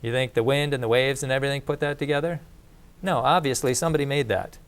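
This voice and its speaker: A man gives a casual lecture to a class in a plain, conversational way. His voice sits at a mid pitch, and he often restarts phrases and adds asides as he explains. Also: fairly even intonation, quick pace. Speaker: teacher of a creation course.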